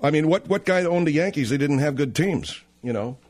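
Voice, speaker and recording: A man hosting a talk radio show into a studio microphone, brash and teasing as he rambles along. His voice sits a little high and jumps around a lot in pitch. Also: lively intonation, a little fast, darkish tone.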